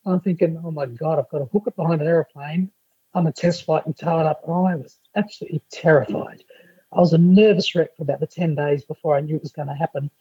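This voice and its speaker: A male podcast guest tells lively stories in a husky, warm voice. The sound is a dull, lo-fi remote line, dry with no room echo. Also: on the high side, fast talker. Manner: lively anecdotal storyteller. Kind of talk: casual chat.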